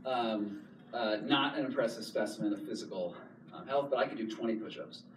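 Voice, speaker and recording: A man in his thirties telling a story in an animated talk, repeating words and laughing often as he goes. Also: fairly low pitch, brisk. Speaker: author giving a talk. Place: public hall. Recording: echoey hall, distant mic, noise.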